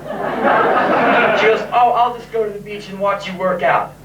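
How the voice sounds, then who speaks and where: A man's voice: sits high, fairly even intonation, measured pace, highs cut off, over a noisy crowd. A man in his thirties telling a sarcastic, self-mocking story live on a pub stage and swearing freely. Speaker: spoken word performer. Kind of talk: live spoken word storytelling. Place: pub stage in front of an audience. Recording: echoey, distant, noisy live bootleg tape.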